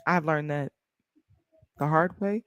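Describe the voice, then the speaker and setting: A woman hosting a casual chat, animated and emphatic, swearing freely. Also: sits low, slow pace, clear, resonant tone, no room sound, clean studio sound. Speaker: host.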